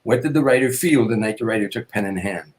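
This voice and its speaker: An older man, a comedian, telling anecdotes in an interview, with repetitions and quick restarts. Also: on the low side, darkish tone. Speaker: guest comedian. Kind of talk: storytelling interview.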